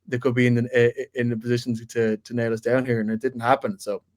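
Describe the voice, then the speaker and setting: Guy on a sports podcast, mid pitch, keeps restarting his words, chatty and teasing. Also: level tone, a little mellow. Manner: halting, lots of restarts, bantering. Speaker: podcast co-host. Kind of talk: casual sports chat.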